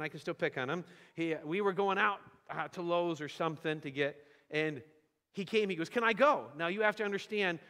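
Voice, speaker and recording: Guest preacher, male, lively homespun storyteller, slightly high voice, long church reverb. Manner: storytelling with homespun humor, animated. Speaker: visiting pastor. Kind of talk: sermon. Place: church sanctuary.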